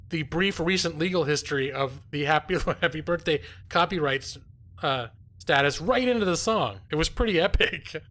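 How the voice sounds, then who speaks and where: A man with a fairly high, sharp-toned voice streams a video game live, chatting casually in a jokey, self-mocking way and laughing often. He is both a gaming streamer and a lawyer.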